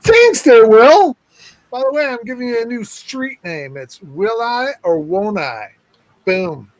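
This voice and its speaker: Brief: male co-host, joker, self-mocking patter, high voice. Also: very animated, a little slow. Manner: playful, teasing, self-mocking. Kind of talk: joking live-stream banter.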